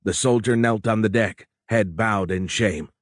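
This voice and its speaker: Low-voiced male audiobook narrator. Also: dry recording, studio quality. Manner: measured, steady storytelling. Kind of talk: scripted narration of a war novel. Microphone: close studio mic.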